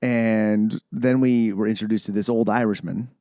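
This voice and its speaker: A man's voice: on the low side, fairly even intonation, moderate pace, dark tone, no room sound, clean studio sound. A man co-hosting a casual movie-review podcast, rambling and swearing freely as he acts out lines from the film. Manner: profane, rambling, acts out quotes in silly voices. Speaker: podcast co-host.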